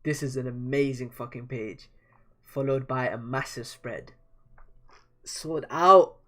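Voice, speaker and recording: A young man casually reading a manga aloud and reacting with excited slang. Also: medium pitch, slow. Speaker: manga reader.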